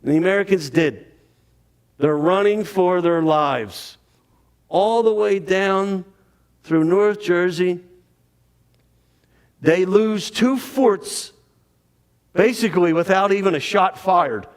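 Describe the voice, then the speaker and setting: A man giving a dramatic, animated storytelling talk on history to an audience. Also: sits high, slow, long pauses, smooth. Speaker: history speaker.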